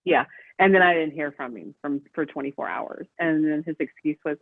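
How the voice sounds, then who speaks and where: A woman's voice comes through a thin, phone-like line with a dry, close sound. She tells a personal story as a guest in a casual interview. She talks in a lively way and acts out the voices of the people in it. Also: deep voice, normal speed, no room sound. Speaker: guest, prison matchmaker.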